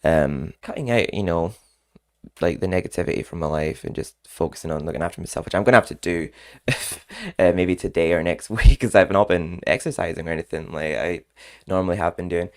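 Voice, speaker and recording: A man's voice: deep voice, a little fast. A man chatting casually in a rambling vlog, often laughing between remarks. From Scotland. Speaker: vlogger. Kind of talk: casual chat.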